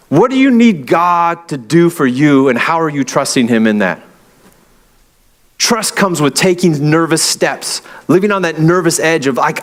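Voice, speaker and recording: A young adult man preaching a sermon in a conversational way, with many fillers and playful acted-out quotes. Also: a little high. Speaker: pastor.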